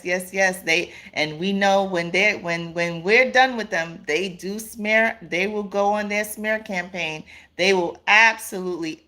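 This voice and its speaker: Animated woman hosting a live chat. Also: lowish voice. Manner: animated, laughs often, calls viewers "y'all" and "honey". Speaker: live-stream host reading viewer comments. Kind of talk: casual live-stream chat.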